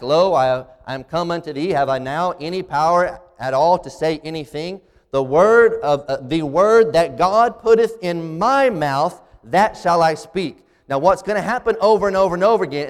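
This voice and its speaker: An earnest male preacher working through scripture, dragging out the words he wants to stress. His voice sits a little high for a man. The recording carries the long, lingering reverb of a large hall. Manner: earnest, slows down to stress key phrases. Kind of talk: expository sermon.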